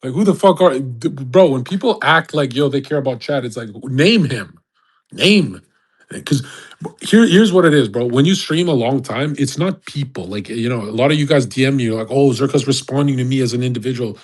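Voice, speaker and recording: A man's voice: medium pitch, animated, normal speed, slightly rough. A young man ranting casually on a live audio chat, brash and profane, laughing often. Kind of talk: casual rant.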